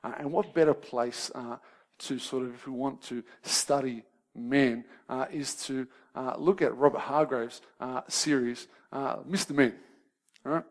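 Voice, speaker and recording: A man's voice: medium pitch, measured pace. A man, preaching a sermon in a conversational way and often checking in with his listeners. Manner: shifts from lively banter to soft, grave questions.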